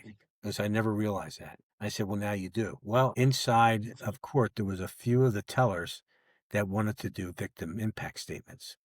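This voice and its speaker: A man's voice: fairly low pitch, normal speed, no room sound, studio quality. An older man, a retired federal agent, telling a long story in casual podcast talk and acting out both sides of old conversations. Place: podcast recording setup.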